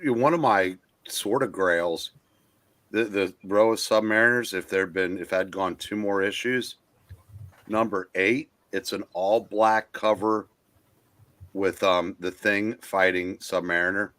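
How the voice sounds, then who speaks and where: Older man, low voice, bright tone, halting casual chat. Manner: halting, restarts often, reminiscing. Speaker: guest collector on a comic livestream.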